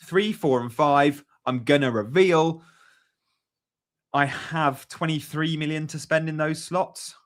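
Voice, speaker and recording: A man's voice: a little high, slow pace. Chatty man live-streaming. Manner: chatty, upbeat, reads out chat messages. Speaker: fantasy football streamer. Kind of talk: casual live-stream chat.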